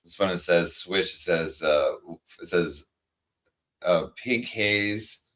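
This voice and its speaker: Deep-voiced man reading cards slowly. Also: fairly bright tone. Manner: reads cards aloud slowly and soothingly. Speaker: card reader. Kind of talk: casual chat.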